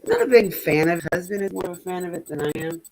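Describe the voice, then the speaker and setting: A woman's voice: fairly low pitch, lively intonation, fast, poor audio. A woman chats casually to her stream audience. She rambles from one thing to the next and swears freely. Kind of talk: casual chat.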